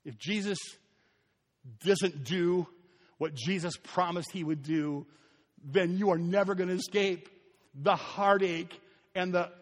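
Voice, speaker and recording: A high-voiced man preaches a sermon in a church. He is animated, acting out the story and sometimes falling almost silent. His voice rings with long reverb through a large hall. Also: slow, pauses often. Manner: animated preaching, acting out scenes and dropping to a near whisper. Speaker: pastor.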